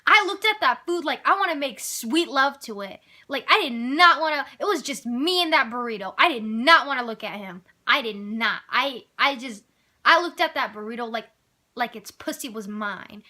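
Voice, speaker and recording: A teenage girl with a high, bright voice tells a school story as a casual rant. She sounds exasperated and animated and swears freely. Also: moderate pace. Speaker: vlogger telling a story.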